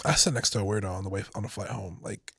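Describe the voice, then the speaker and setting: A man's voice: fairly low pitch, steady tone, fast talker, gravelly, a bit bright, husky, no echo, clean studio sound. A man co-hosting a podcast, making laid-back, joking interjections in casual chat. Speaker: podcast co-host.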